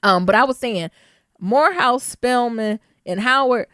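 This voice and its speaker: A woman's voice: on the high side, measured pace, fairly bright tone, clean tone, dry recording, studio quality. A young adult woman co-hosting a podcast in casual chat, joking and acting out quotes with slang. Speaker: podcast co-host.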